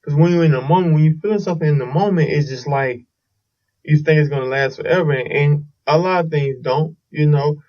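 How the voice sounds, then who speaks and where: A man's voice: fairly high pitch, fairly quick, recorded from a distance, highs cut off. A man hosting a casual solo podcast, telling a long story in a rambling way with restarts and swearing. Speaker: podcast host.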